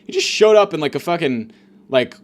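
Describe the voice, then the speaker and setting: A man's voice: on the high side, lively intonation, fairly quick. A man hosting a comedic monologue, ranting in a rambling, profane way, full of fillers and restarts. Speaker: comedian host.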